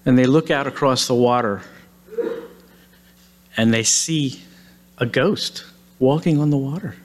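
A man's voice: mid-range voice, measured pace. Man retelling a story in a sermon. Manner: lively retelling, casual asides. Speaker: preacher.

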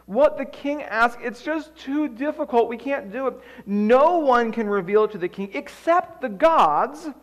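Male pastor, sermon, high voice, animated storytelling, long hall reverb. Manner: animated, acts out scenes with playful voices.

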